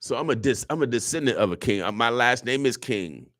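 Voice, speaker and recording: A man's voice: medium pitch, animated, brisk, a bit bright, no echo, studio quality. A man hosting a radio show, delivering an emotional, preachy monologue with lots of repetition. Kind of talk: impassioned talk radio monologue. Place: radio studio.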